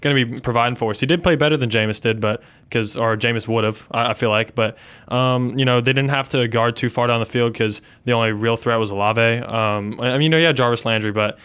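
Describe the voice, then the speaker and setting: A man talking quickly on a casual sports panel, his voice smooth and clear. He rambles and circles back on himself, leaning on fillers. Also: mid-range voice, fairly even intonation, fairly bright tone.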